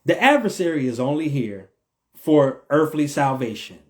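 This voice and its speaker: A man's voice: medium pitch, a little mellow. A man from the United States giving an emphatic, repetitive spiritual monologue in a vlog, in slangy speech with a preacher-like cadence. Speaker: vlogger.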